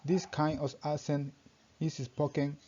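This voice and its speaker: Young male student reading his presentation, mellow voice, careful and halting, muffled lo-fi sound. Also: fairly high pitch, level tone, slight background noise. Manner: halting reading, often restarting sentences with "so". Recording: dull lo-fi recording.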